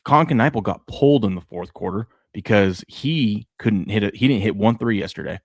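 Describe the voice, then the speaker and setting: A man co-hosting a sports podcast, telling rambling, excitable stories in casual chat. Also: on the low side, moderate pace, no room sound, clean studio sound. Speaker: podcast co-host.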